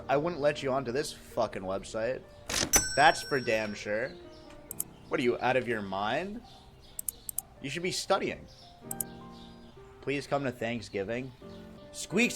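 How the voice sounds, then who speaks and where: Laughing, teasing male streamer, slow delivery. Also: fairly high pitch. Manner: laughs often, teasing and self-mocking. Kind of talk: casual chat reading viewer messages.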